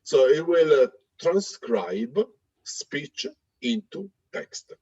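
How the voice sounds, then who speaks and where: A man presenting a live software demo, talking in a hesitant way with many fillers and restarts. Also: a little high, animated, very slow, no echo, lo-fi sound. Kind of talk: live tech demo talk.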